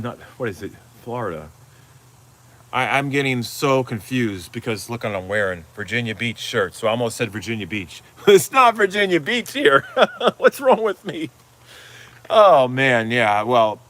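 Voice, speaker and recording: A man's voice: lowish voice, pushed and bright. A middle-aged man hosting a casual live stream, rambling, swearing freely and reading out viewer comments. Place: Florida, outdoors.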